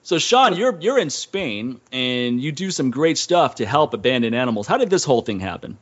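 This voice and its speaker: A man's voice: medium pitch, very animated, normal speed, lo-fi sound. A man hosting a podcast, joking and laughing while he introduces and questions his guest. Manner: jokey, laughs a lot. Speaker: podcast host. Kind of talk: casual interview chat.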